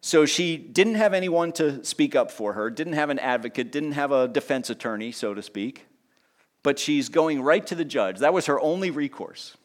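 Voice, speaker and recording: A man preaching a sermon in a lively teaching tone, with conversational asides and small jokes. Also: moderate pace. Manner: lively teaching tone, pitch rising on key points and dropping low on asides. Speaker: pastor.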